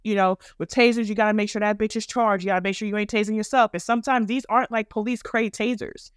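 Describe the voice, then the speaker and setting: A woman's voice: medium pitch, steady tone, fast, smooth, dry recording, clean studio sound. Blunt, profane woman podcast host. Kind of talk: opinionated commentary monologue.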